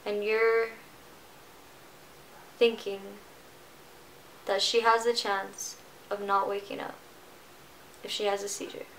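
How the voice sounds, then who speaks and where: A woman in her twenties talking to camera about something personal, halting and emotional, with many restarts. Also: fairly high pitch, fairly bright tone, slight background noise, poor audio. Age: 20s. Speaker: vlogger. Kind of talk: personal vlog confession.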